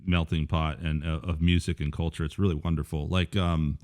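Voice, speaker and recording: A man's voice: rumbling low, level tone, brisk, darkish tone. A man from Texas hosting a podcast in loose, profane, joking casual chat. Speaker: podcast host.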